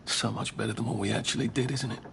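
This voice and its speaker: An actor playing a bitter, sarcastic man who loudly scoffs at a convenient story, in a video game. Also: fairly low pitch, steady tone, fast talker, vocal fry, noisy background. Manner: sarcastic, loud.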